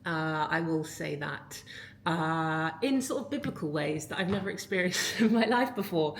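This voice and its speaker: A woman in her thirties, vlogging casually from her flat, candid and rambling with lots of fillers. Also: mid-range voice, slight background noise. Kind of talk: casual chatty vlog.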